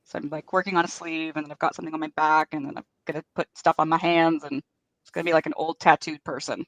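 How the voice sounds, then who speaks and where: A woman's voice: sits low, steady tone, fast talker, dry recording, low-quality recording. Chatty bubbly woman on a call. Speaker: livestream participant. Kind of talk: casual group chat.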